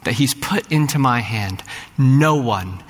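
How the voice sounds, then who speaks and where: A man's voice: mid-range voice, lively intonation, unhurried. A middle-aged man preaching a sermon in a church sanctuary, earnest and building to fervent rising peaks, often repeating words as he starts a thought. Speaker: pastor. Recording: long hall reverb.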